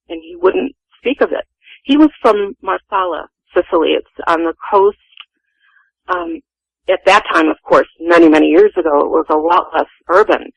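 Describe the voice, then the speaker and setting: A woman in her sixties with a gravelly voice recounts a family memory as a guest, earnest and vivid. The sound is dry and close, with no room around her. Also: fairly low pitch, animated, moderate pace, no echo, poor audio. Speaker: guest telling a personal story. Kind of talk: first-person storytelling.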